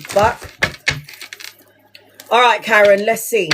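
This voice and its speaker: Taking it slowly, a woman with a mid-range, level voice gives a live tarot reading against background noise. She speaks bluntly and emotionally, swears without restraint, and addresses viewers as "my love" and "sweetheart."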